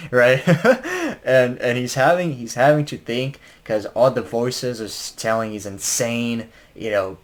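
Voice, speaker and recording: A man talks through an album review in an easygoing, unscripted way. He trips over his words, fills gaps with "uh" and "like", and lets out a chuckle now and then. His voice sits at an ordinary, mid-range pitch. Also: animated, measured pace, few pauses. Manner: rambling, many fillers and restarts; chuckles while talking. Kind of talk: casual spoken review.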